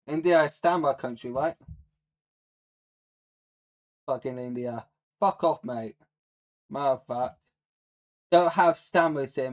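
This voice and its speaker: Guy swearing nonstop at his stream chat, kinda high voice, mocking and nasty. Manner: profane, mocking, hostile. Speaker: livestreamer. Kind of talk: live-stream rant to chat.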